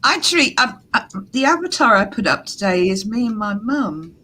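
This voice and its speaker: A woman's voice: a little high, sing-song, moderate pace, pushed and bright, slight background noise, poor audio. A woman in a playful, giggly casual chat on a video call.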